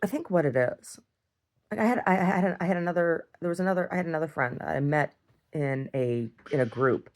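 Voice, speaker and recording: A woman's voice: deep voice, fairly quick. A woman talking bluntly and profanely in a rambling diary monologue, with many restarts and small chuckles. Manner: blunt and profane, full of restarts and "I don't know"; chuckles often. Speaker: video diarist.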